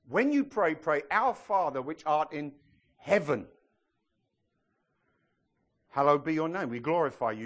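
A man preaching a sermon to a congregation, often checking in with them and joking as he goes. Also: fairly high pitch. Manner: lively preacher, asks the congregation questions, jokes and laughs. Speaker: pastor.

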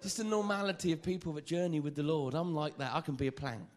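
A man preaching a sermon, lively and joking, often stammering and repeating phrases. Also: a little high, fast.

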